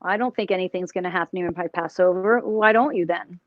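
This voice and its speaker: A woman psychic on a live paranormal show, talking haltingly with many restarts as she questions a spirit. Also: on the low side. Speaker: psychic, remote viewer. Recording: dull dry lo-fi audio.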